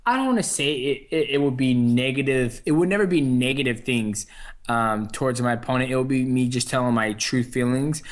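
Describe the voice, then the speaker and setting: A young adult man answering interview questions in an easygoing way, with many fillers and restarts. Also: medium pitch. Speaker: interview guest, fighter. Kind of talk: casual phone interview.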